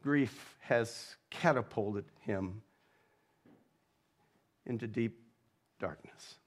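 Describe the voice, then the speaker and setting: A male pastor delivering a sermon in a measured, reflective way, reading quotations with feeling. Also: lowish voice. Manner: slow, measured preaching with dramatic readings of quotes.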